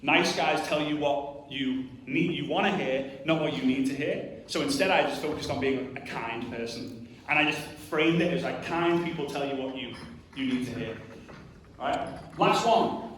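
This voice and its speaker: A man's voice: medium pitch, normal speed, a bit bright, slight background noise. A man giving a live motivational talk to an audience in a large hall, direct and punchy, often throwing questions at the crowd. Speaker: motivational speaker at a network marketing event. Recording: very echoey hall recorded from far off.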